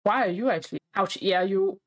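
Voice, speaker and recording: Woman, gameplay commentary, chatty, plays the baby, playfully demanding, mid-pitched voice. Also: a little fast.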